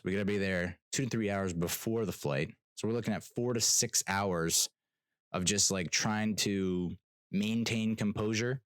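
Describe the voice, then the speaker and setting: A young adult man, hosting a podcast and telling an exasperated, animated story that mimics other people. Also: low-pitched, no room sound. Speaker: podcast host. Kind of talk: casual ranting monologue.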